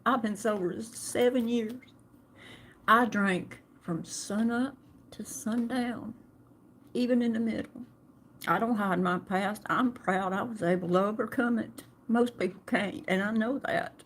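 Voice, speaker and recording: A middle-aged woman tells her story in an emotional personal vlog, halting and restarting often. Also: medium pitch, a little hiss or hum. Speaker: vlogger.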